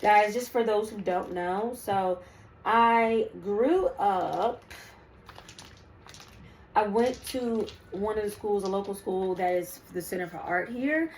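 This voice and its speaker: Slow-paced and medium-pitched, this young woman offers her viewers a relaxed spiritual card reading, wandering off into asides and saying um often. The audio is poor, with a little hiss or hum.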